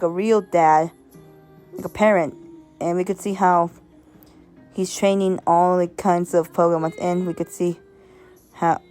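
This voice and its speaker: A woman's voice: fairly low pitch, darkish tone. A woman giving a casual, rambling spoken review, stumbling and restarting often and laughing as she goes. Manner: sentimental, laughs while talking. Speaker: video reviewer.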